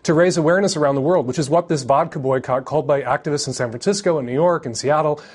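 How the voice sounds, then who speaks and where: A man's voice: a little high, fast. Assertive male interview guest. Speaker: columnist and activist guest. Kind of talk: TV interview, arguing a point.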